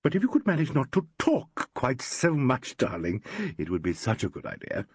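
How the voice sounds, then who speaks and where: A man's voice: medium pitch, sing-song, normal speed, a little mellow, slightly rough, no echo. A man doing a coaxing stage actress. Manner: soothing, coaxing, slightly arch. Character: poised theatrical actress, woman, smoothly commanding.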